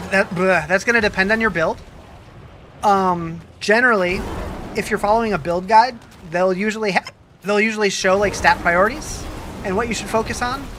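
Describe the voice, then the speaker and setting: A game streamer talking into a home desk mic on a live stream, fighting a case of hiccups. The voice is bright and sharp, chatty and loose, stopping and restarting sentences while answering chat. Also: medium pitch, a little hiss or hum. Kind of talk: casual live-stream chat, reading viewer comments.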